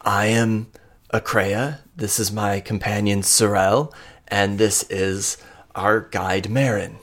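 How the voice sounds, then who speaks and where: A man's voice: on the low side, steady tone, slow. A man voicing a polite kobold traveler who makes formal introductions.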